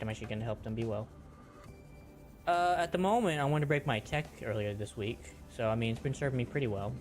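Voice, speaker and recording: A man streaming a game, talking casually to himself with mild minced oaths. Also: medium pitch. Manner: chatty self-talk with mild minced oaths. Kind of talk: casual gameplay commentary.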